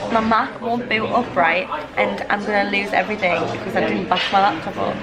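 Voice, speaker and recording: A woman, telling an animated, exasperated story in a busy cafe. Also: medium pitch, brisk. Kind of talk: casual chat. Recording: loud crowd noise behind. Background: loud crowd chatter.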